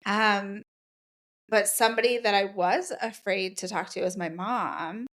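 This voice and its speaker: This is a middle-aged woman on a podcast, sharing her experiences in an easy, conversational way. Her voice sits in a middle register, and she brings her stories to life by jumping up in pitch when she quotes what people said. She fills the gaps with "um" and "like.". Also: unhurried. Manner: animated, acts out quoted dialogue with pitch jumps; many fillers like "um" and "like". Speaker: guest, Reiki practitioner. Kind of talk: casual conversational storytelling.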